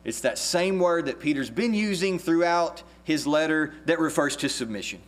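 A man preaching a sermon as pastor, earnest and measured, with a few restarts. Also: fairly high pitch, expressive.

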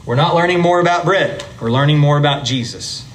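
A man's voice: a little high, fairly quick, slight background noise. A man teaching a church Bible class, explaining things step by step in a chatty way with his students.

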